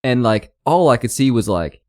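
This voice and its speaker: A man's voice: mid-range voice, expressive, moderate pace, no echo. A man playing a tabletop game, talking in a loose, joking, slangy way. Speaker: player. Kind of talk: casual tabletop play.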